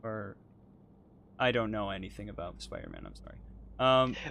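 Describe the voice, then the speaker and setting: A man's voice: lowish voice, huge pitch swings, normal speed, creaky, fairly bright tone, slight background noise. A man co-hosting a casual chat while playing a game, hesitant and apologetic, with lots of ums. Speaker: podcast co-host playing a driving game.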